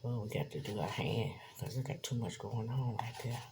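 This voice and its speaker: A woman's voice: very deep voice, a little fast, very noisy. A woman, chatting casually to viewers while she cooks in her home kitchen. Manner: chatty, addresses viewers as y'all. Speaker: cooking vlogger. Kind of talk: casual cooking vlog.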